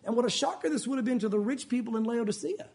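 A man's voice: very high-pitched, quick pace, darkish tone. A pastor, preaching a sermon in an earnest, conversational way and talking straight to his congregation.

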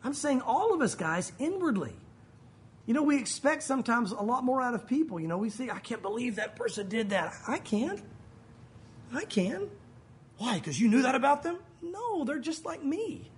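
A man's voice: very high-pitched, very animated, moderate pace, slight background noise. A man, a pastor, preaching a conversational sermon and acting out the voices he quotes.

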